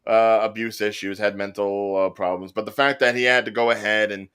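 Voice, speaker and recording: A man's voice: on the low side, steady tone, a little fast, fairly bright tone, clear, resonant tone. A man on a podcast panel, talking in a rambling, earnest way with touches of mock indignation. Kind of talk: casual comedic chat.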